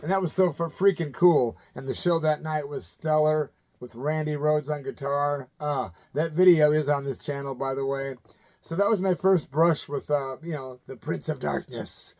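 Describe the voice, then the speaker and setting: A man's voice: fairly high pitch, moderate pace, darkish tone. A man in his fifties from the American Midwest, telling rock stories in a loose, colloquial way and acting out the people he quotes. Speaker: channel host telling stories. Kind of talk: casual anecdotal storytelling.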